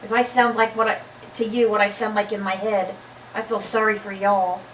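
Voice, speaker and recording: Her mid-range voice keeps a level tone at normal speed as she reads from the Bible, lisping slightly, then chats and jokes between passages in her casual vlog. She's far from the mic in an echoey room, with slight background noise.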